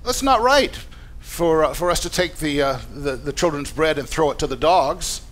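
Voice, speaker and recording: A man's voice: a little high, animated, moderate pace, fairly bright tone. A man voicing a male teacher who sarcastically mocks his followers, in a raised and exaggerated delivery during a sermon re-enactment. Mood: sarcastic.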